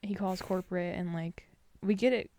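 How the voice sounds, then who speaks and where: A woman's voice: lowish voice, moderate pace, a crowd in the background. A young woman co-hosting a podcast, casually telling a workplace story, acting out the people in it and laughing often. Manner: animated retelling, acts out quotes, laughs often. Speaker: podcast co-host.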